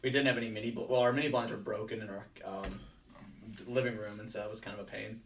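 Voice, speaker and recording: A young man co-hosting a casual studio chat, telling a story in a lively way. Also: fairly low pitch, fast talker. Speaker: co-host. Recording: slightly distant mic, faint noise.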